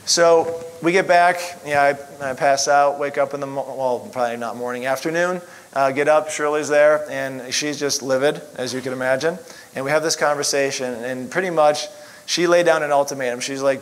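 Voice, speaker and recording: This middle-aged man, a chiropractor, gives a loose, rambling testimony packed with "you know" fillers. His medium-pitched voice holds a steady tone at normal speed, and the recording is rough.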